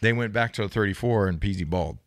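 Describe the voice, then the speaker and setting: A man in his thirties, a podcast co-host and former linebacker, telling stories in a loose, profane, animated way, a little hoarse. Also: lowish voice, fast talker, no echo, clean studio sound. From United States. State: slightly hoarse, says he can't speak well. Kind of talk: casual storytelling chat.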